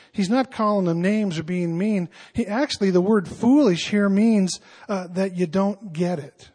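A man's voice: high-pitched, normal speed, a little mellow, husky. A man preaching a sermon in an informal, earnest way, with emphatic asides to his listeners. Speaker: pastor. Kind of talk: conversational sermon.

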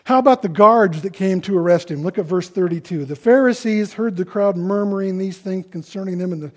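A man preaching a sermon in a conversational way, acting out the people he quotes in louder voices. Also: high-pitched, fairly quick. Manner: conversational, acts out quoted voices with rising loudness.

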